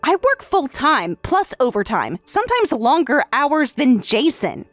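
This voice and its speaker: A woman's voice: high-pitched, sing-song, unhurried, no echo, faint music behind. A synthetic woman's voice reading a tired young wife who answers back firmly and pointedly. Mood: defiant. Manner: firm, pointed replies. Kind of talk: text-to-speech story reading.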